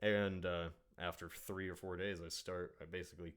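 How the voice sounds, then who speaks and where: A man from Ohio chatting casually on a podcast, rambling and halting with fillers. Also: low voice, level tone, a bit bright. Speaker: podcast host. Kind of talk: casual chat.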